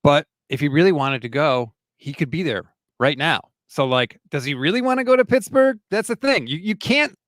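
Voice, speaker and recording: A man's voice: sits high, fairly bright tone, dry recording. A man co-hosting a casual sports talk show, wry in tone, reading news and comments. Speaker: podcast co-host.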